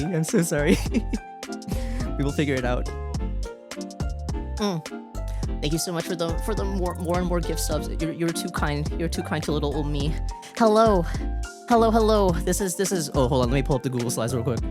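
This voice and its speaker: A woman streamer chatting casually on a live stream into a desk mic, giggly, excitable and playful. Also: low voice. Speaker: VTuber streamer.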